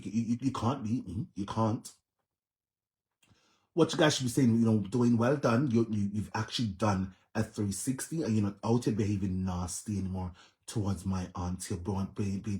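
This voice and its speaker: A man's voice: lowish voice, normal speed, darkish tone. A Jamaican man hosting a vlog, giving emphatic reaction commentary, repeating himself and often laughing. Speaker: vlog host.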